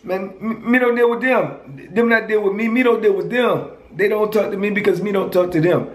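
A man's voice: sits high, fairly quick, pitched above the performer's own voice, close to an everyday voice. A man voicing a touchy, dismissive male inmate from the Virgin Islands with a Virgin Islands Creole accent and broken "me don't" phrasing, in an echoey room with faint noise.

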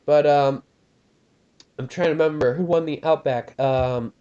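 A man's voice: a little high, normal speed. Young man with a dull lo-fi race commentary. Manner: rambling, lots of ums, excitable about crashes. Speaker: lead commentator of a sim racing league.

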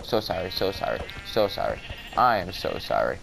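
A young man casually commentating his own game, mumbling to himself and then bursting out in excitement. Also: lowish voice, brisk, creaky, a little hiss or hum, poor audio. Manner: excitable, swings from mumbling to yelling. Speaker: gamer. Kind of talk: casual let's-play commentary. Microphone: cheap mic with white noise.

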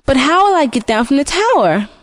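A woman's voice: high voice, very animated, brisk, no echo, clean studio sound. A woman voicing a sweet, innocent young maiden in a storybook retelling, in her own voice. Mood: eager.

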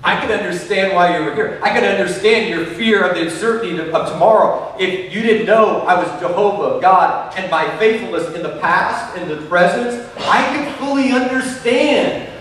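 A man voicing God as a patient, fatherly presence who questions gently but insistently. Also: sits high, normal speed, hardly any pauses, a little hiss or hum. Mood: reassuring. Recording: echoey hall from far off.

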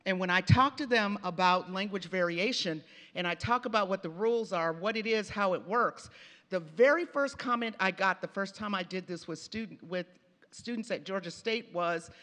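A woman's voice: mid-range voice, normal speed, a bit bright. A woman from the Pacific Northwest giving a conversational presentation, telling stories and turning to the audience with asides. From Pacific Northwest of the United States. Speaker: lecturer on language and reading. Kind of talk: conference presentation. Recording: reverberant lecture hall.

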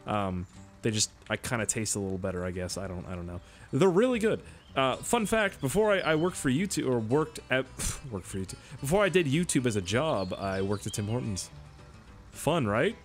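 A man's voice: on the low side, lively intonation, moderate pace. A young Canadian man with a Canadian accent, giving jokey, profane, rambling gameplay commentary. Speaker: YouTuber. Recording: faint background game music.

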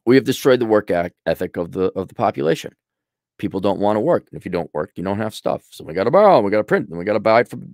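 A man's voice: fairly low pitch, big pitch swings, quick pace, darkish tone, no room sound, clean studio sound. A man hosting a casual commentary monologue, answering a viewer's question in a blunt, sarcastic, rambling way.

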